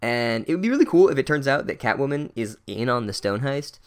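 A man's voice: medium pitch, fairly quick, clear, resonant tone. A man giving a sarcastic, profane comedic recap of a book.

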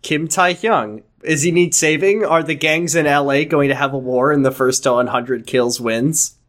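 A podcast co-host making quick, joking asides in casual chat. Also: medium pitch, fairly even intonation.

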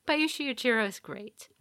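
A woman co-hosting a podcast, retelling a legend in an unhurried, casual way with small restarts. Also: on the high side, pushed and bright. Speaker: podcast co-host. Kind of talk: casual chat, storytelling.

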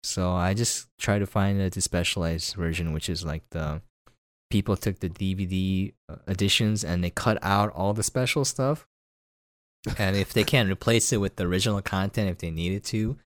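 A man's voice: low voice, steady tone, moderate pace, no echo, studio quality. A man co-hosting a podcast in casual chat, enthusiastic and jokey, laughing often. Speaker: podcast co-host.

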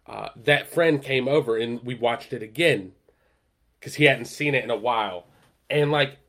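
Male podcast co-host, mid-pitched, casual chat, rambling and filler-heavy, punches up the quoted lines. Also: moderate pace, fairly bright tone. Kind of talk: casual chat, retelling a TV episode.

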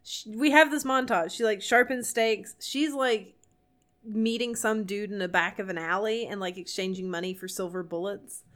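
A young woman chats casually as a podcast co-host. Her mid-range voice rambles through an animated story, thick with fillers. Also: medium pitch, moderate pace. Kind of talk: casual chat.

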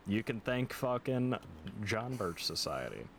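A man's voice: on the low side, sing-song, unhurried, a bit bright, slight background noise. A man co-hosting a podcast in casual chat, loose and profane, full of fillers. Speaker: podcast co-host.

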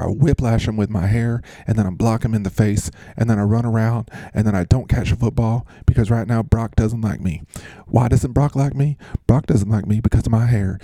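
A man's voice: lowish voice, warm tone, no echo. A man impersonating a vain male football star who brags about his hair in a rambling, boastful way. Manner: bragging, rambling.

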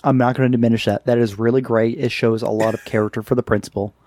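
Laughing, animated man on a dry mic. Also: medium pitch, fast, no room sound. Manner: animated, laughing, acts out quotes. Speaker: podcast co-host. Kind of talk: casual chat recapping a cartoon.

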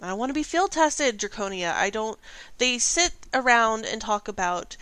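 A woman's voice: on the high side, animated, moderate pace, fairly bright tone, clean tone, dry recording, pitched above the performer's own voice. A woman voicing an eager, impatient young princess who is a student, talking earnestly and a bit flustered. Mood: pleading.

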